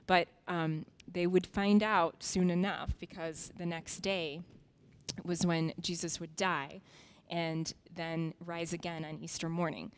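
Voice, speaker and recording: A woman's voice: on the low side, little pitch movement, takes it slowly, clear, resonant tone. A woman teaching a children's Sunday school lesson, casually explaining with fillers and reading a Bible story aloud.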